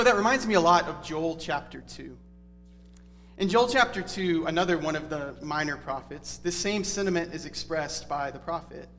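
High-voiced man preaching in a hall. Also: fairly bright tone, a little hiss or hum. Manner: conversational, earnest teaching tone. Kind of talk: expository Bible sermon. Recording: reverberant hall with faint music.

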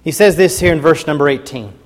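Man, preacher, sermon, high-pitched, emphatic scripture reading, long hall reverb. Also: fast. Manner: reads scripture aloud with emphatic rising and falling delivery.

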